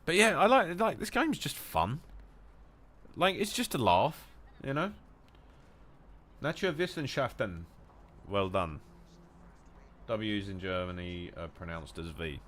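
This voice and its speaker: A young man from England riffs casually while he plays, wandering off topic and joking freely. His voice sits low but his pitch jumps around a lot, often bursting into loud shouty bits. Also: sing-song, unhurried, long pauses. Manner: jokey, rambling, sweary, swings to loud mock-German shouts. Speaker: gaming streamer. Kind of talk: casual chat while gaming.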